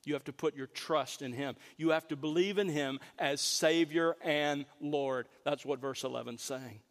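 A man delivers an earnest sermon, his voice sitting a little higher than most men's. He slows down and leans on the words that matter most. The sound rings out with a long, lingering echo, as in a big hall. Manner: earnest preaching, stresses key words slowly. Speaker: pastor.

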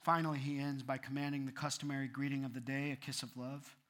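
A man's voice: mid-range voice, level tone, fast talker, fairly bright tone. A man preaching an earnest sermon as a pastor, building to fervent appeals.

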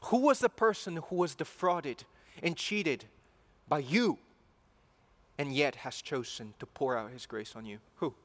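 Earnest male preacher, slightly high voice. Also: expressive, measured pace, a bit bright. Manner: earnest, rising to emphatic passion, with repeated phrases. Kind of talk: sermon.

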